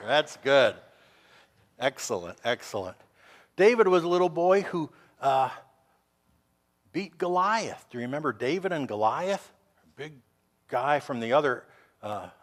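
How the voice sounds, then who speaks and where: A male pastor chatting with children and acting out a story with friendly, animated voices. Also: fairly high pitch.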